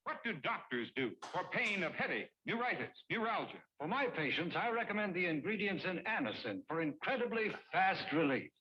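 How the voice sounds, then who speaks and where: A man's voice: high-pitched, very animated, fairly quick, few pauses. A man playing a reassuring doctor recommending a remedy in a vintage TV commercial. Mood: earnest. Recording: dull lo-fi old TV ad.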